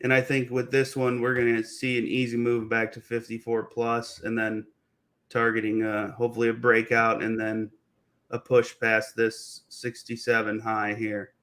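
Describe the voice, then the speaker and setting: A young man, a guest trader, calmly explaining stock charts in a casual, slangy way. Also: medium pitch, moderate pace. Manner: relaxed, explains plainly with slang. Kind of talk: casual chart analysis on a livestream.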